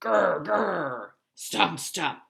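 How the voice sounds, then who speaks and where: A woman voicing a big, bad, hungry male bully bug from a storybook, growling and boasting loudly. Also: on the low side, expressive, drawn-out words, vocal fry, full character voice. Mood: menacing.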